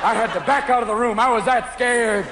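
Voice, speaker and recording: A man performing stand-up comedy, rapid-fire and jumping into many silly voices, recorded at a live venue. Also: very high voice, a loud crowd. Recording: loud live audience, noisy hall reverb.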